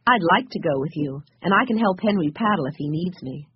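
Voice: mid-range voice, lively intonation, fairly quick, slightly rough, highs cut off. A reader doing a cheerful young wife. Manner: enthusiastic.

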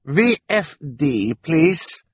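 A man voicing a sly, scheming foreign male auctioneer who speaks in slow, deliberately broken English. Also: fairly high pitch, big pitch swings, husky, no room sound, pitched above the performer's own voice, exaggerated voice.

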